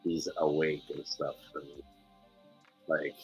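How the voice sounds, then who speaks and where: A man's voice: very deep voice, level tone, slow, breathy edge, highs cut off, faint music behind. A man hosting a casual chat show who tells a heated, profane story. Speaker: podcast host.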